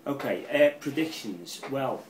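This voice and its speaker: Scouse fan-channel pundit, middle-aged, excitable and sweary, a bit distant with faint background hum. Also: male voice, mid-range voice, a little slow. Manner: rambling, excitable, swears freely. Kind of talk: casual match preview. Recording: roomy, off-mic with faint ambience.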